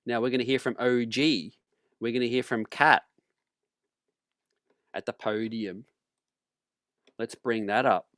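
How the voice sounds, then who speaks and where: Slow-talking man hosting a sports channel. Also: mid-range voice, dry recording, studio quality. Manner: slow, relaxed, calls viewers fam and ladies and gentlemen; clears his throat often. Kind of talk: casual sports commentary.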